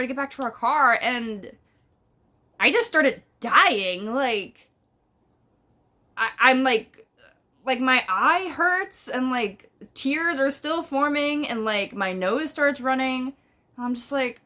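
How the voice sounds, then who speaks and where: A woman's voice: high voice, unhurried, bright, forceful tone. A young woman telling a rambling storytime at home, swearing casually and filling her talk with "like" and "bruh". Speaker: vlogger. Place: at home, indoors.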